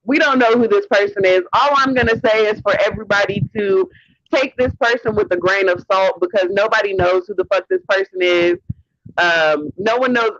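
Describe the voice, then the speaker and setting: A man's voice: high-pitched, a bit bright, no echo. A man hosting a livestream, delivering a heated rant in a sassy, profane way and calling people honey. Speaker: livestream host. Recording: dull lo-fi stream audio.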